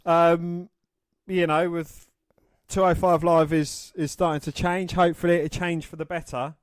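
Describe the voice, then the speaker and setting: A man's voice: fairly high pitch, little pitch movement, normal speed, clean tone, no echo. A man co-hosting a casual podcast, eagerly giving opinions and reading news. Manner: eager, opinionated, says mate. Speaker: podcast co-host.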